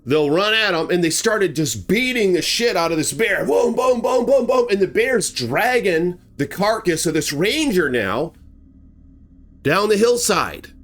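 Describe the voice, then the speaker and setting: A man hosting a horror channel, giving a dramatic retelling of a true bear attack and acting out the action with sound words and shouts. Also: high-pitched, sing-song, a little slow.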